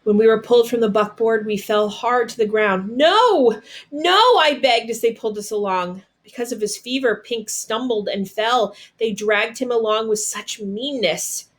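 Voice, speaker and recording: A woman reading a storybook aloud, with measured, dramatic storytelling. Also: medium pitch, fairly even intonation. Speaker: storybook reader. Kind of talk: read-aloud storybook narration.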